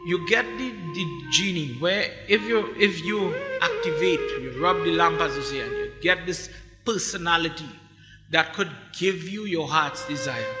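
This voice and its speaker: A man preaching a sermon as a pundit, animated and repeating phrases as he goes. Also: fairly high pitch. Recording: echoey hall with music behind.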